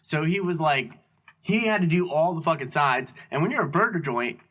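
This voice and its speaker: A man's voice: fairly high pitch, lively intonation, moderate pace, fairly bright tone. A young man, telling jokey work stories on a comedy podcast and mimicking coworkers. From Augusta, Georgia, US. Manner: laid-back, jokey, swears, mimics coworkers. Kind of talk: casual storytelling chat.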